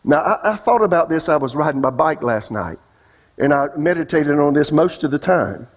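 A man's voice: on the high side, lively intonation, normal speed. A man preaching a sermon as pastor, emphatic and asking the congregation questions. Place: church sanctuary.

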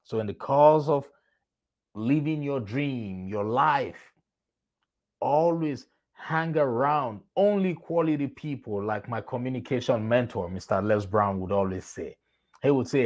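A man's voice: medium pitch, measured pace, a little mellow. A man giving a motivational talk, telling a fable and repeating key phrases for emphasis. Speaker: motivational speaker.

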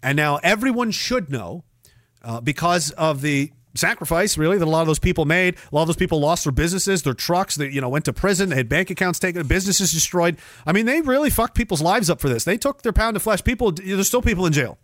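A man's voice: expressive, fast, a bit bright, no room sound, studio quality. A man hosting a livestream, ranting in a profane, rambling way and mocking others with sarcastic put-on voices. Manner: sarcastic, mocks others in high mimicking voices. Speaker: livestream host.

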